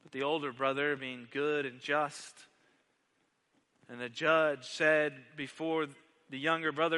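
Slow sharp-toned preacher in a reverberant church. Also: male voice, on the high side, little pitch movement, clean tone. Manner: dramatic storytelling, rising to emphatic questions. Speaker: pastor. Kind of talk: sermon.

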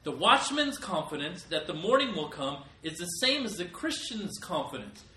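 A man's voice: high voice, very animated, normal speed, bright, forceful tone. A middle-aged man preaching a sermon as pastor, with emphatic rises in volume. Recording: echoey room, voice from a distance.

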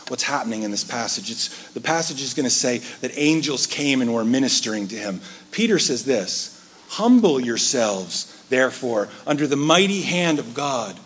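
A man preaching a sermon, swinging between loud emphasis and hushed, soft asides. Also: medium pitch, a little hiss or hum. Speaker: pastor.

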